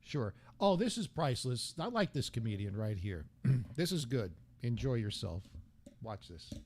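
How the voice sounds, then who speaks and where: A man's voice: medium pitch, very animated, moderate pace, darkish tone. A man hosting a radio talk show, joking and bantering crudely between clips.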